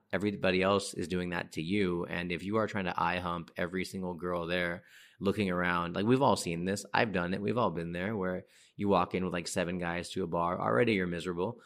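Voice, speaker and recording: A man's voice: sits low, steady tone, fairly quick, gravelly, a bit bright. A man hosting a podcast, giving blunt, chatty dating advice and calling listeners dude and bro. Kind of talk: casual advice monologue.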